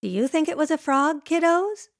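A woman's voice: sits high, expressive, normal speed, no echo, clean studio sound. A woman hosting a children's radio show, talking playfully to young kids in a sing-song way. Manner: playful, sing-song, teasing guessing games. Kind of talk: cheerful talk to young children.

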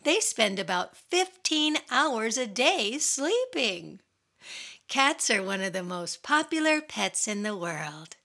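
A woman hosts a children's radio program in an upbeat, cheerful manner, speaking straight to the kids listening. Her voice is bright with a gravelly, slightly husky edge. She talks slowly and her pitch swings widely. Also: sing-song.

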